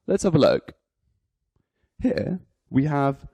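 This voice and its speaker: A man teaching an English lesson, slowly spelling out numbers and repeating each one for learners to copy. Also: medium pitch, lively intonation, dark tone, no room sound. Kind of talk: slow, deliberate English lesson.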